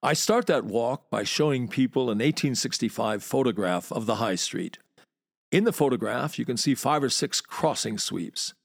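A man's voice: medium pitch, no echo, studio quality. An American man hosting a podcast, reading a wry, word-loving monologue. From United States. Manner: wry, relishing words, lively storyteller. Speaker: podcast host and walking tour guide.

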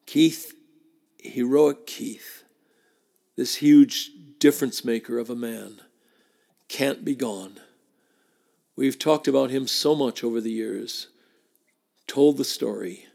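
Man, podcast host, slow measured delivery, gravelly fry, emphatic repeated phrases. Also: mid-range voice, a little mellow. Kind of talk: spoken tribute and letter reading.

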